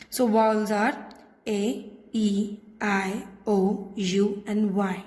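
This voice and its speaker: A woman teacher with an Indian English accent, giving a patient classroom lesson and repeating points slowly. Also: mid-range voice, darkish tone. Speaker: French teacher. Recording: echoey room with long reverb.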